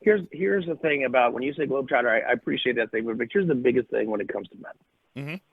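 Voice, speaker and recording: Husky man on a tinny line. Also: mid-range voice, animated, fast talker, no echo. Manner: emphatic, repeats phrases for punch. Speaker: podcast co-host. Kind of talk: casual storytelling chat.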